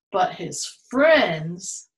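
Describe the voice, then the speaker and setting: A woman reads a picture book aloud to young children, playful and laughing often. She speaks slowly with a bouncy, lively pitch in a fairly high voice. The room around her is echoey. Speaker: children's museum storytime reader.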